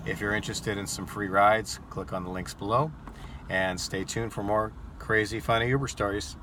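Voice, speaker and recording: A man's voice: lowish voice, fairly even intonation, moderate pace, pushed and bright, slight background noise. A man who drives rideshare, telling a story casually to camera and acting out his own shocked reactions.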